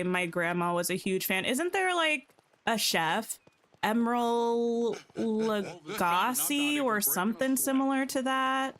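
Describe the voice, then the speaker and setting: A woman's voice: on the high side, a bit bright. A woman streamer chatting casually while gaming, rambling and giggling at herself. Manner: rambling, giggly, self-deprecating.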